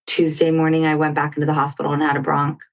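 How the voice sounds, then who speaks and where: A deep-voiced woman speaks fast as a talk show guest, relating a personal story in conversation. She tells it animatedly, acting out what others said.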